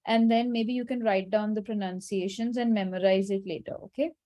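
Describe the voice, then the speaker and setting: A woman teaching French in an online class, patient and instructive but gently firm with her students. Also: medium pitch, steady tone, brisk. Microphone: video call.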